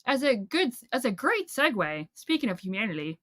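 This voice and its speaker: A woman's voice: fairly high pitch, very animated, moderate pace, fairly bright tone, no echo, clean studio sound. A woman hosting a casual book chat over a video call, rambling and chatty with lots of fillers. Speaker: book channel host.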